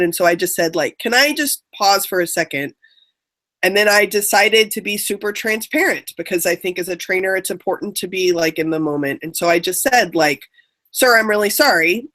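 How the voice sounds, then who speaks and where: A woman's voice: fairly low pitch, a bit bright. A woman trainer on a panel, telling a candid, self-reflective personal story.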